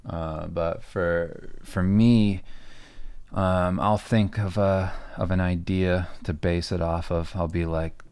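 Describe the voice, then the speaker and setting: A man co-hosting a livestream, a comic artist answering viewer questions in a relaxed, rambling way with lots of fillers. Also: sits low, takes it slowly, clear, resonant tone, no room sound. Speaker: comic artist and podcast co-host.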